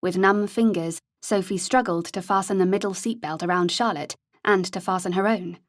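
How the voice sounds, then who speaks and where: A woman narrates an audiobook from a script at medium pitch, keeping a steady, measured storytelling tone. It's studio quality with no room sound.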